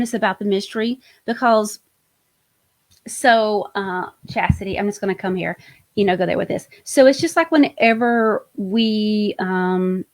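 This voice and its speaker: A woman hosting a live-stream tarot reading, chatty and enthusiastic, often trailing off and restarting her sentences. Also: medium pitch. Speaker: host, tarot reader.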